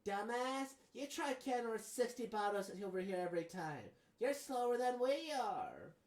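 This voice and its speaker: A performer voicing a rude, cocky teen baseball senior girl with a put-on Brooklyn accent, insulting and loud. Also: mid-range voice, very animated, moderate pace, pitched above the performer's own voice, lightly acted. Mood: irritated. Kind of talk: manga dub reading.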